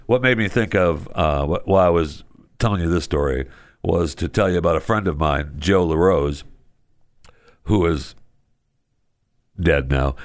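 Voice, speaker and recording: A man's voice: low voice, no room sound, studio quality. A man hosting a talk show, delivering a casual monologue with chatty, opinionated asides and wry humor. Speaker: radio show host.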